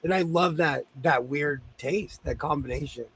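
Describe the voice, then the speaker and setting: A man with a Southern Californian accent hosting a casual group chat about sewing, talking fast and playfully. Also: a little high, fairly bright tone, a little hiss or hum. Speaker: sewing channel host.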